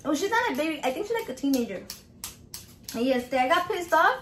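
High-voiced, foul-mouthed woman. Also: brisk, slight background noise. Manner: crude, profane, animated storytelling. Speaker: home cook filming a recipe video. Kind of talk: casual cooking vlog chat. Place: home kitchen.

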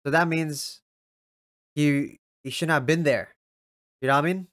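A young man giving casual reaction commentary while watching an anime episode. He swears often and breaks into loud, excited yells. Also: a little high, measured pace, no echo, studio quality.

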